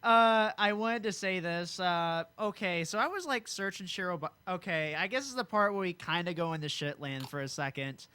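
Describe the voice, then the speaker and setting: A woman's voice: fairly low pitch, moderate pace, hardly any pauses, sharp tone, smooth. A woman chatting on a podcast, hesitant and filling her sentences with "uh.". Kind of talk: casual chat.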